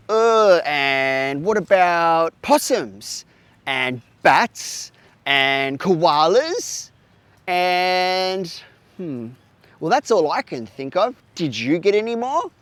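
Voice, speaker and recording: Slow, lively Australian man teaching kids. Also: fairly high pitch, no echo. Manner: exaggerated, playful, addressing children directly. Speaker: children's show host. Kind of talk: educational talk to kids.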